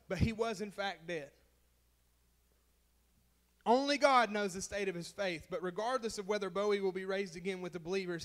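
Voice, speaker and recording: A man preaching a sermon as pastor, impassioned, calling out to the congregation and repeating phrases for emphasis. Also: high voice.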